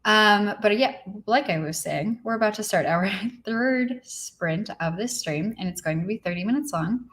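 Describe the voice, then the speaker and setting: A young woman talks casually into her computer mic from her apartment, hosting a livestream. She is chatty and reads viewer comments aloud. Her energy is low and she sounds a little tired. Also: lively intonation, normal speed, fairly bright tone, a little hiss or hum. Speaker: livestream host.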